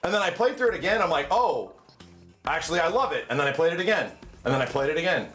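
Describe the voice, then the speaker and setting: A man hosting a stream, swearing and telling an animated, excitable story in casual chat. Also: fairly high pitch, fast talker, faint music behind. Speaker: streamer host.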